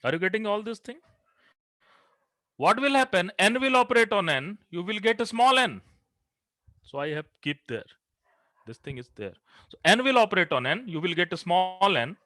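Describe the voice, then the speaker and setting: A man's voice: sits high, very animated, normal speed, pauses often, bright, forceful tone, no room sound. A man teaching physics in a classroom. He works through equations step by step and asks the class questions that he then answers himself. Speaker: physics lecturer. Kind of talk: classroom lecture.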